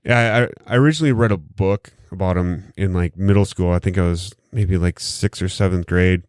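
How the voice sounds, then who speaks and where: Recorded close on a studio microphone without echo, a podcast host chats casually in a low, slightly mellow voice at normal speed. He wanders from topic to topic, joking and cursing heavily.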